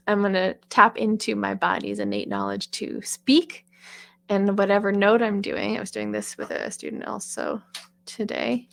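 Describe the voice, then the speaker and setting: A woman's voice: mid-range voice, gravelly, fairly bright tone. A woman teaching a casual voice lesson, chatty, with sung and called-out examples.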